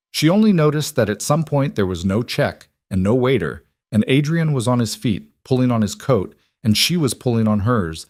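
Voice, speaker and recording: A man narrates a romance story at an unhurried, even pace. His voice sits low, recorded close and dry. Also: no room sound. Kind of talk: scripted narration.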